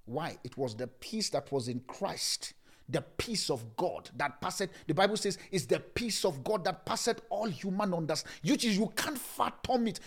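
A man with a Nigerian accent preaching a sermon as a pastor, shouting scripture lines and then dropping to a calm, hushed voice. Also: high-pitched, moderate pace.

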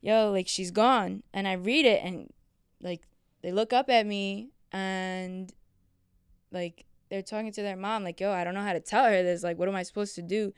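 A woman's voice: mid-range voice, fairly even intonation, clean tone, dry recording, studio quality. A young woman casually and emotionally telling a personal story, swearing freely. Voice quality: emotional, profane, quick storytelling.

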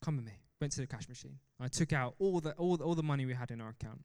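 A young man preaching a sermon with an animated, joking manner, often laughing at himself. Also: medium pitch, very fast, clear, resonant tone. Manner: animated, laughs often, self-deprecating asides. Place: church hall. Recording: long reverb of a large hall.

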